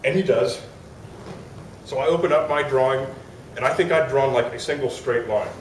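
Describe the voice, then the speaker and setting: An animated man tells a comic story to a live audience, voicing the people in it. His mid-range voice rings through a roomy hall, picked up from a little way off the mic with a faint hiss behind it. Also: medium pitch, moderate pace, far from the mic. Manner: animated, acts out quotes, laughs while telling. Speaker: storyteller on stage.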